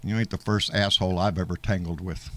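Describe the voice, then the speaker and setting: A man's voice: sits low, fairly even intonation, brisk, bright, forceful tone. A middle-aged man, hosting a live show and angrily ranting, profane and taunting, hurling insults. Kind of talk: angry live-stream rant.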